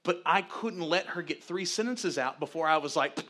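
A man co-hosting, candidly telling a story about his marriage in an animated way. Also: high voice, brisk, few pauses. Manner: animated, grows loud acting out past arguments. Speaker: co-host, husband telling the story.

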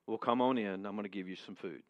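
A man doing a gruff, sleepy neighbor. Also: on the low side, quick pace, no room sound, highs cut off, pitched below the performer's own voice, close to an everyday voice. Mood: weary. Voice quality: gruff, grumbling. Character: grumpy sleepy man woken at midnight.

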